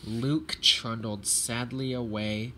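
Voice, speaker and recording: A man reads a children's train story aloud, slow and deliberate. A faint hiss runs under the recording. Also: mid-range voice, little pitch movement, bright, forceful tone. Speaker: narrator. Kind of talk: storybook narration.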